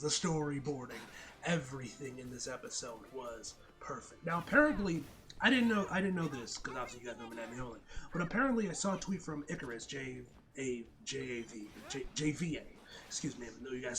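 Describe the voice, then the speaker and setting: A young man casually recapping and reviewing an anime episode, excitable, swearing and tacking "man" onto most sentences. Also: mid-range voice, fast.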